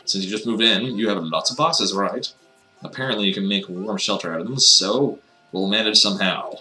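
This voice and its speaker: A low-voiced man with a bright, forceful edge to his sound reads game text aloud. He keeps breaking off into wry, mocking asides, playing the dialogue for laughs. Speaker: let's player reading a visual novel aloud. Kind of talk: comedic reading with sarcastic asides.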